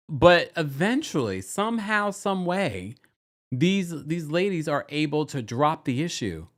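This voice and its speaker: A man hosting a casual livestream recap, chatty and animated, often breaking into exaggerated quotes of the people he talks about. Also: unhurried. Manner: animated, chatty, slips into quoting people in exaggerated high voices. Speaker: podcast host recapping a reality show.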